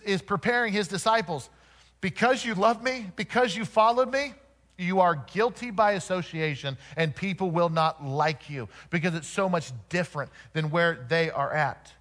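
High-voiced man preaching a sermon. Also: animated, a bit bright. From Oklahoma. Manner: rhetorical questions to the congregation, slows for scripture readings.

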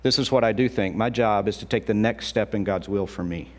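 A middle-aged male pastor preaching a sermon in an animated, conversational way, acting out quotes as he goes. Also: on the low side, brisk.

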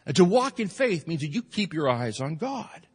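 Preaching pastor in a reverberant hall. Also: male voice, fairly high pitch, sing-song, moderate pace, husky. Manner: preaching, swings from shouted peaks to soft asides. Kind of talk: sermon.

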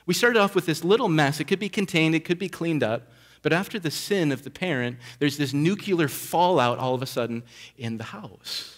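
Man preaching a sermon, earnest, kinda high voice, lots of rhetorical questions. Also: normal speed. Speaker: pastor.

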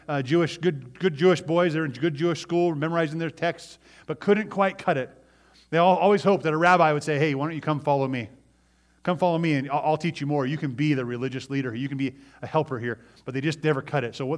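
A man, a pastor, preaching a conversational sermon. He asks his listeners questions and his voice often drops soft at the ends of phrases. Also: on the high side. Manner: voice rises and falls widely in loudness, dropping soft at phrase ends.

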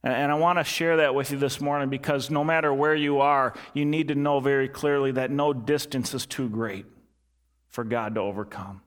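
A male pastor preaching a sermon earnestly, repeating key lines and dropping his voice soft and low for emphasis. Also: steady tone, normal speed.

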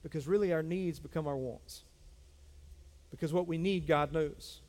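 A man's voice: fairly high pitch, normal speed, darkish tone. A middle-aged man, a pastor preaching a sermon emphatically, repeating lines and calling out to his congregation. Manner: emphatic, repetitive preaching with audience call-outs. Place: church sanctuary. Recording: long hall reverb.

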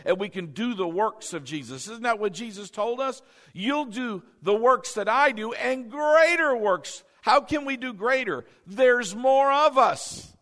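A pastor preaching a sermon, emphatic and repetitive, putting questions to the congregation. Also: male voice, high-pitched, a bit bright. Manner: emphatic, repeats key phrases, asks the congregation questions. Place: church hall with a congregation. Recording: long hall reverb.

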